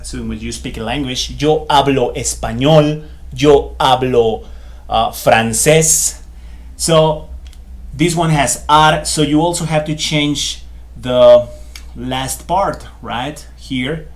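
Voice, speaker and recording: A man's voice: medium pitch, takes it slowly. A man teaching a beginner Spanish grammar lesson in a chatty, loose way, full of fillers and repeated phrases. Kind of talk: casual whiteboard lesson.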